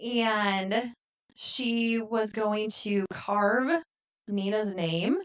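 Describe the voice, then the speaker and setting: A woman co-hosting a podcast, retelling a film in casual chat and acting out the characters' lines with lively swings. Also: medium pitch, drawn-out words, clean tone. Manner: animated retelling, acts out quotes. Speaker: podcast co-host. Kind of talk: casual movie recap chat.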